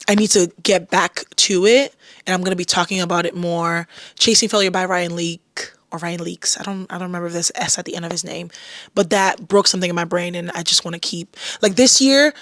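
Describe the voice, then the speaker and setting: A young adult woman hosting a podcast, giving a casual motivational talk that breaks into loud, excited bursts. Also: lowish voice, no room sound, clean studio sound. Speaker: podcast host.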